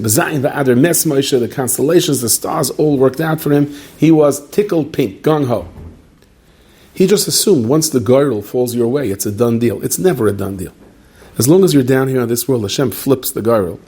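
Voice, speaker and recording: Husky rabbi telling stories. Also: male voice, medium pitch. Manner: animated storyteller, banters with listeners. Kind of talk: Purim talk to a live audience.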